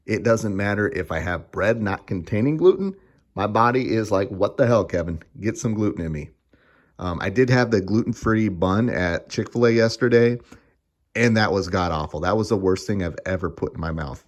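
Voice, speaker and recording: A man's voice: lowish voice, darkish tone. A man in his thirties giving a casual, sarcastic and profane food review, laughing often as he rants. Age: 30s.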